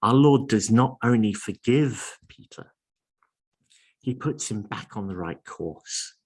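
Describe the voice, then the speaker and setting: Slow, husky-voiced male preacher. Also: fairly low pitch, lively intonation. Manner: slow, earnest preaching with rhetorical questions. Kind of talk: sermon.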